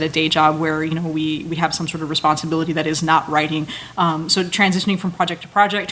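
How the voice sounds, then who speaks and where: A woman's voice: lowish voice, a bit bright, a little hiss or hum. A woman writer speaking on a panel in a chatty way, with frequent laughs and filler words. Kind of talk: casual panel talk.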